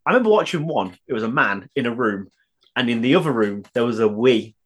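A man's voice: medium pitch, expressive, quick pace, a bit bright. A man co-hosting a podcast, joking in an easygoing way and swearing casually. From England. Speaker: podcast co-host. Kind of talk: casual comedic chat.

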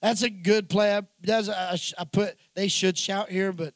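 A man preaching a sermon in an animated way, acting out the characters' lines in the story. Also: sits high, moderate pace, few pauses, no echo. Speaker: pastor.

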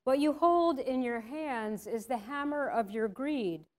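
A woman reading the lines of a firm but kind male angel in a storybook, with a solemn, unhurried delivery. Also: high voice, animated.

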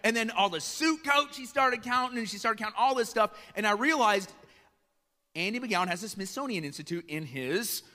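A middle-aged man from Iowa preaches a conversational sermon in a bright, forceful voice. He asks the crowd questions, acts out little scenes, and his voice rings through a large church hall. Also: high voice, lively intonation, normal speed. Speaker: pastor.

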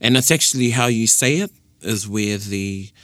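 Teaching Māori on a relaxed radio show, this New Zealand-accented host explains things patiently, often restarting and using fillers. His voice is lowish but fairly bright, at a normal pace, with no room sound.

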